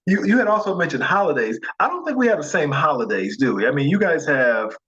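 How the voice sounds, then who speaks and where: A man's voice: on the high side, sing-song, quick pace, pushed and bright, muffled recording. An American man hosting a casual video-call interview, curious and easygoing, often repeating words as he starts a sentence. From United States. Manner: curious, easygoing, stammers on restarts. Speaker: interview host.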